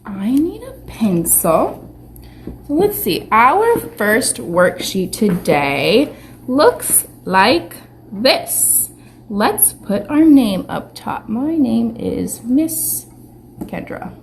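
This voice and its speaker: A woman teaching young children in an online lesson, talking slowly with lots of questions and sounding out letters. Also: on the high side, very animated, creaky, a little hiss or hum. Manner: slow, sing-song teacher talk with many questions. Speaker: preschool teacher.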